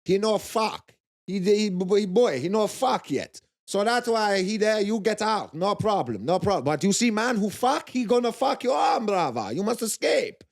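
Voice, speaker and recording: A blunt jiu-jitsu coach, as a man puts him on in a podcast anecdote, pitched up high and pressed loud. He barks crude, broken-English instructions with a lilt, utterly matter-of-fact. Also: big pitch swings, normal speed, vocal fry, full character voice. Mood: crude, instructive.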